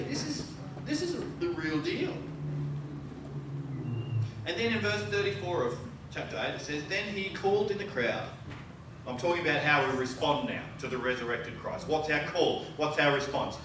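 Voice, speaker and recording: A man preaching a sermon as pastor, animated and playful, acting out the people he quotes. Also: high voice, moderate pace. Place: church sanctuary. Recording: echoey church hall from far off, audible noise.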